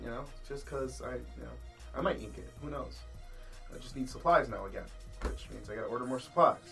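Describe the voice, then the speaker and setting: A man hosting a casual podcast chat, swearing freely and laughing as he tells animated stories. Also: medium pitch, fairly quick, vocal fry, faint music behind. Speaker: podcast host.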